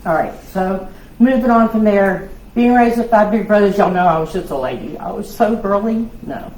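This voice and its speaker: A woman, giving a loud, lively personal testimony at a women's conference. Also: medium pitch, normal speed. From South Louisiana. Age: 60s. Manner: loud, lively storytelling with laughs and acted-out voices. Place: church hall. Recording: echoey hall with faint noise.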